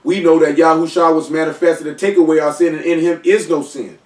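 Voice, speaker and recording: Man teaching scripture in loose slangy talk with joking asides; higher voice, recorded far off in a roomy space. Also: fairly even intonation, a little fast, a little mellow. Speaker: teacher leading a Bible study. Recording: echoey room, distant mic.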